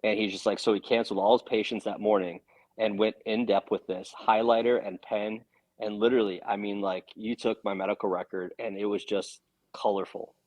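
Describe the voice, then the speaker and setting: A man talking as a podcast guest, telling a story in a casual, earnest and animated way, swearing now and then. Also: lowish voice, brisk, rough recording.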